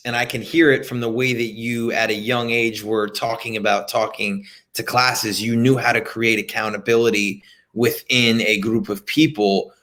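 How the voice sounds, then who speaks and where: A man's voice: medium pitch, fairly bright tone. A man hosting a podcast, reflecting on his coaching past and asking his guest probing questions in an encouraging conversational way. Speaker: podcast host. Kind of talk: conversational interview.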